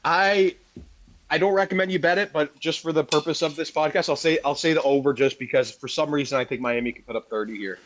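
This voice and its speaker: A man's voice: on the high side, quick pace, fairly bright tone. A man co-hosting a sports betting podcast, giving opinions in casual chat full of fillers like "you know". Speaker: podcast co-host.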